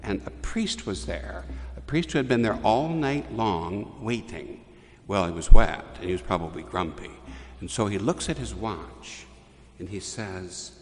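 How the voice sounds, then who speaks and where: A man preaching a homily, telling a story in a measured way with restarts and pauses. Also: sits low, animated, long reverb tail. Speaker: priest.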